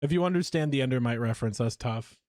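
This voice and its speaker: A man's voice: medium pitch, fast, a little mellow, no room sound, clean studio sound. A man streaming a game live, chatty and self-mocking as he talks through his play. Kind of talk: live gameplay commentary.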